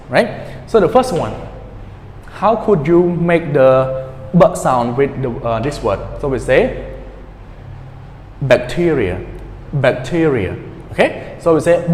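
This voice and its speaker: A man teaches pronunciation, slowly and patiently. His voice sits a bit high and rings with long reverb, as if he is in a bare, echoey room. He repeats each word and keeps asking if the class follows. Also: darkish tone, slight background noise. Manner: patient, repeats words slowly, many fillers and checks like "okay?". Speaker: English teacher.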